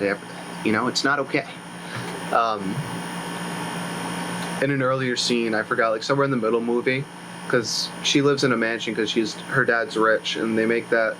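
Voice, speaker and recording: A man's voice: mid-range voice, a bit bright, slight background noise, rough recording. A young man rambling sarcastically through a movie recap in casual commentary, often correcting himself. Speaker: YouTuber reviewing a movie.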